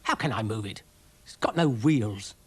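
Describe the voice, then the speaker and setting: A man's voice: fairly low pitch, expressive, moderate pace, breathy edge. A man voicing a grumpy, scheming male dog who grumbles and mutters in a dry way, for a cartoon. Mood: grumbling.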